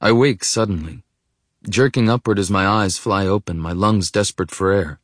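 A man reading first-person audiobook narration in a quiet, subdued, measured way. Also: on the low side, no room sound, clean studio sound.

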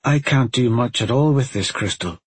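A man putting on a frightened young apprentice witch in an audiobook, her voice pushed up high and pleading. The tone is husky and breathy, recorded close and dry. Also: expressive, normal speed, no room sound. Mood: tearful.

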